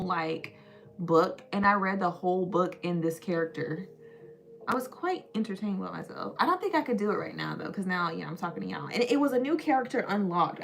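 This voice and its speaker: A woman's voice: medium pitch, lively intonation, fairly quick, creaky, fairly bright tone. A young woman hosting a casual livestream, chatting and giggling as she answers her viewers.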